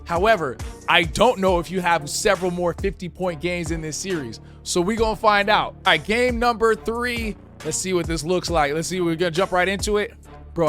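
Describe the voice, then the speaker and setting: A man narrating his own basketball video game like a sportscaster, loud and slangy, shouting at big plays. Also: sits high. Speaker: gaming YouTuber. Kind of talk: playful sportscaster-style play-by-play over a video game.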